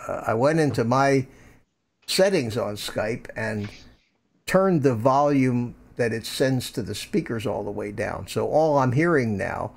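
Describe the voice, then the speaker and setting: Older male streamer, gravelly, stammering, chatty desk-mic host. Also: mid-range voice, expressive, unhurried. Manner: rambling, stammers and repeats words. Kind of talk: casual live-stream chat. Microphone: desk microphone through a USB mixer.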